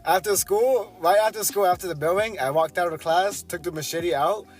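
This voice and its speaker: A man's voice: high-pitched, brisk, soft background music. A young man, a podcast co-host, telling a story in casual chat, full of ums and restarts.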